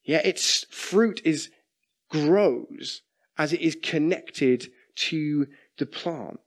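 A man's voice: fairly high pitch, drawn-out words. A middle-aged man preaching a sermon in a conversational way, often asking the congregation questions.

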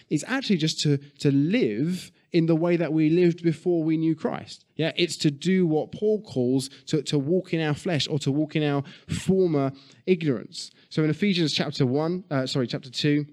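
A man's voice: on the high side, normal speed, darkish tone. A man preaching a sermon in a conversational way, often checking in with his listeners. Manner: conversational, frequent "yeah?" check-ins.

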